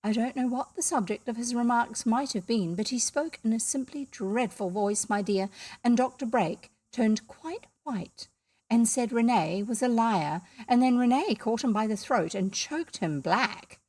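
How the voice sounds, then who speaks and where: A woman with a New Zealand accent reads an old story aloud in a fairly high voice. Her manner is lively and amused, slipping now and then into chatty asides. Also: measured pace. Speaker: audiobook reader. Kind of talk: reading a classic story aloud.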